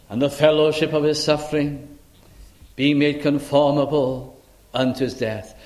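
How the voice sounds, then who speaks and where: An older man preaching a sermon, unhurried and reflective, slowing right down to stress lines of scripture. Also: fairly high pitch. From Wales. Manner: unhurried, reflective, with dramatic slow emphasis on scripture.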